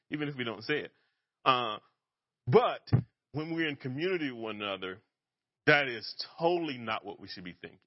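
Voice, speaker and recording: A man preaching a relaxed, conversational sermon, joking and laughing at himself as he teaches. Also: mid-range voice, dry recording, lo-fi sound. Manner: casual and self-deprecating, laughs at himself.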